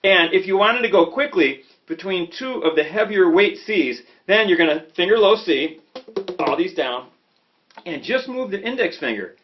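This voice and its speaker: A man from Chicago giving a relaxed saxophone lesson, talking conversationally and checking in often with "okay?" and "you know". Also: high voice, moderate pace. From Chicago, USA. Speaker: saxophone teacher. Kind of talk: casual instructional talk. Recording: slightly dull lo-fi audio with faint music.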